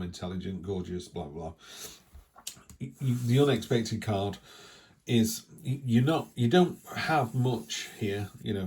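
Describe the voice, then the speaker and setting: A middle-aged man with an English accent giving a casual, rambling weekly tarot reading, breaking off now and then to cough. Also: lowish voice. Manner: chatty, rambling, with asides. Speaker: tarot reader.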